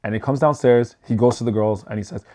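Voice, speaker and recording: Young male vlogger, casual storytime, animated delivery that acts out the quotes, profane. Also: mid-range voice, fast. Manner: animated, acts out what people said; loose and profane.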